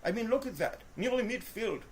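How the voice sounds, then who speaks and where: A woman commentating her own video game play, swinging between frustrated groans and shouted cheers, talking to the players and to her viewers. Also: fairly high pitch, lively intonation, brisk, slight background noise. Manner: talks to the players and to viewers as folks. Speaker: gaming video host. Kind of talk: live gameplay commentary.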